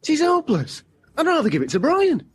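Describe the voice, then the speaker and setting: A man's voice: extremely high pitch, wildly swooping pitch, fairly quick, heavily acted. A blunt, grumbling organiser running auditions in a comedy radio play. His voice rises and falls a lot, with faint noise behind it. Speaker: amateur show director.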